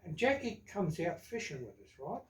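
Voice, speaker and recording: A man's voice: high-pitched, sing-song, moderate pace. An older man with a New Zealand accent, casually telling family stories and jokes, with rambling asides like "right?" and "eh?". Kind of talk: casual storytelling. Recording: echoey room.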